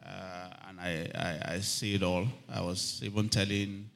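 A man's voice: low voice, level tone, measured pace, vocal fry, a bit bright. A man preaching a sermon, calling for amens from the congregation and reading scripture aloud with rising emphasis. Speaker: pastor.

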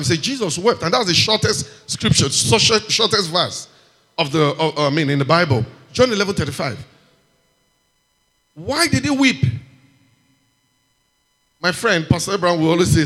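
High-voiced preacher in a reverberant hall. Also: male voice, slightly rough. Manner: animated preaching with shouted amens and hallelujahs. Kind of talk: sermon.

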